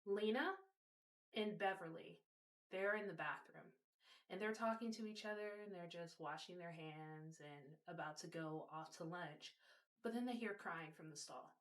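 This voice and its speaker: A woman's voice: on the low side, moderate pace. A woman hosting a video, casually explaining a topic and telling a story, speaking directly to her viewers. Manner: warm direct address to viewers.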